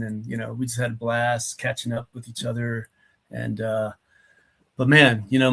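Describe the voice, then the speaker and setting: A middle-aged man, a retired army officer and guest, talks reflectively over a video call, with plenty of filler phrases. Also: mid-range voice. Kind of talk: casual interview chat.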